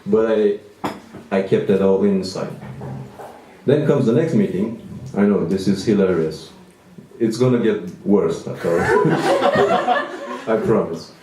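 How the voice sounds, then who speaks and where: A man's voice: lowish voice, slow pace, far from the mic, background noise. A man in his thirties doing a stand-up comedy set, self-deprecating and rambling with restarts, in a small venue. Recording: echoey room, mic from afar.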